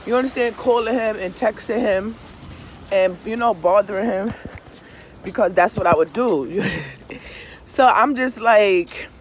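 A woman's voice: medium pitch, unhurried, a little hiss or hum. A woman vlogging in a casual, confessional way, swearing freely and often checking that listeners understand. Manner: profane, emphatic, keeps asking "you understand?". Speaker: tarot reader and vlogger.

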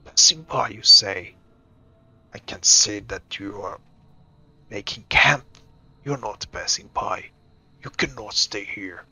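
A man's voice: lowish voice, takes it slowly, long pauses, pushed and bright, husky, full character voice. A man voicing a big, territorial ogre who speaks bluntly and tries to intimidate. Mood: suspicious.

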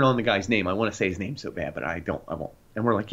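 A young man tells stories on a casual podcast, his low voice rising and falling as he acts out the people in them. The recording sounds dull and lo-fi. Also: a little fast, hardly any pauses. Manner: animated, acts out voices in anecdotes. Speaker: podcast co-host. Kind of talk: casual storytelling chat.

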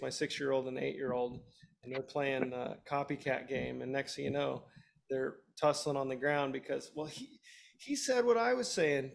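Gravelly guy in his 30s giving straight-up hunting tips, says um a lot. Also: medium pitch. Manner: practical, direct advice with frequent "um"s. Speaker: elk hunting guest expert. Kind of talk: instructional webinar talk.

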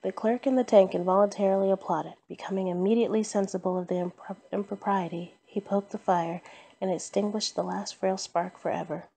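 A woman reading a classic story aloud at bedtime, calm and measured. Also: medium pitch, gravelly, breathy edge.

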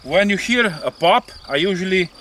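Matter-of-fact Slovenian man, fairly high voice. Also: expressive, moderate pace. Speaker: pilot of the model plane. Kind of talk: casual explaining. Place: outdoors at a flying field. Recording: outdoor noise, crickets.

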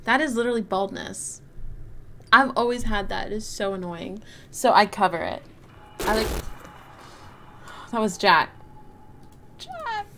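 A woman's voice: medium pitch, unhurried, long pauses, fairly bright tone, a little hiss or hum. Giggly woman streaming a game. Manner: giggly, breaks into helpless laughter. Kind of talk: casual live gameplay chat with viewers. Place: her bedroom at home.

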